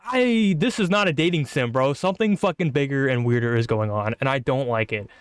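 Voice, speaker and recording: Excitable man streaming a game. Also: medium pitch, fairly quick, clean tone, no room sound. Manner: excitable, swearing, stammering. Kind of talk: casual gaming commentary.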